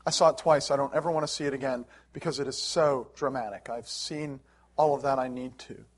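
A man's voice: mid-range voice, steady tone, fairly quick. A middle-aged man preaching a sermon in an earnest, emotional way, with swells of emphasis. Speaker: pastor.

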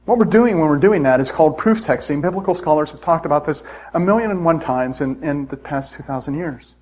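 A man's voice: fairly high pitch, a little fast, a little mellow, low-quality recording. A man preaching a sermon in church, conversational and self-deprecating, with frequent asides to the congregation. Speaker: pastor.

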